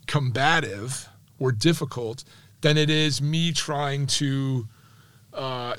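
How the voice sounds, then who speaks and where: A man, a sports journalist, telling anecdotes in a podcast interview in a lively, chatty way, with many asides like "right?". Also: mid-range voice, no echo. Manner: animated, chatty, full of "like" and "right?".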